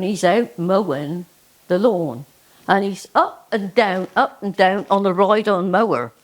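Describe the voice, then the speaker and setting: A woman with a Cornish accent, performing a comic folk story with slow, emphatic, folksy delivery. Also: mid-range voice. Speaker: dialect storyteller and poet.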